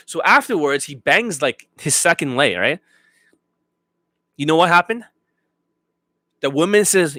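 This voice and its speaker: A man's voice: a little high, big pitch swings, moderate pace, long pauses, bright, forceful tone, no echo. A man ranting as a dating coach, blunt and mocking, swearing constantly as he retells a student's story. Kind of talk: coaching rant.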